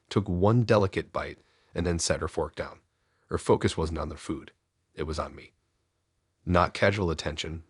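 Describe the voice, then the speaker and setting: A man narrating a first-person horror story in a low, measured, ominous storytelling voice. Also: husky, dry recording, studio quality.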